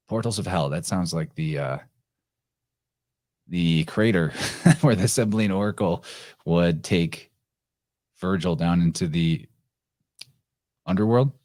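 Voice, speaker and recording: A man hosting a podcast, reading old prophetic verse aloud in a slow, solemn way and explaining it. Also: deep voice, darkish tone, dry recording, studio quality. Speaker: podcast host.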